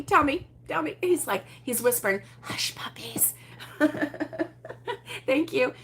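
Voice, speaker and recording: A woman with a fairly high, fairly bright voice hosts a casual crochet livestream from home, her husband nearby. She chats with viewers and answers their comments in a chatty, exclamatory way, laughing often.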